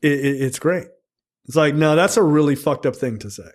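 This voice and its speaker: A man's voice: a little high, normal speed, a little mellow. A man co-hosting a casual film review podcast, talking bluntly with plenty of swearing and loose rambling. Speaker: podcast co-host.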